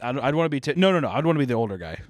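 A man's voice: medium pitch, big pitch swings, very fast, dry recording, studio quality. A man co-hosting a podcast in casual comedic chat, swearing and laughing often. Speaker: podcast co-host.

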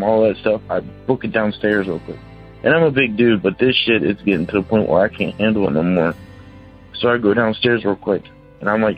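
A man in his thirties, a caller rambling through a ghost story and acting out the voices of the people in it. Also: lowish voice. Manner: rambling, acts out quoted voices. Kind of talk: casual phone-in storytelling. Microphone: phone. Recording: tinny phone line with faint music.

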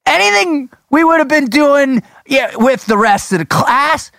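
A man co-hosting a podcast, telling a story in an animated, emphatic way. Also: very high voice, unhurried, gravelly, no echo, studio quality. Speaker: podcast co-host. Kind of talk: casual storytelling chat.

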